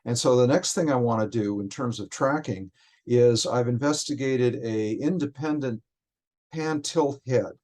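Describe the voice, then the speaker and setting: A man, a software developer, explains technical details in conversation, often stopping and restarting his phrases. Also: medium pitch. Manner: halting, frequent restarts while explaining.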